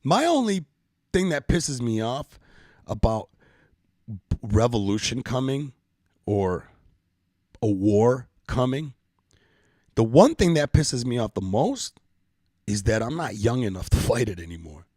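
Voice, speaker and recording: A man's voice: medium pitch, very animated, unhurried, pauses often, darkish tone, no echo, studio quality. A middle-aged man hosting a casual live-stream podcast, joking around in loose, profane banter. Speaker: podcast host.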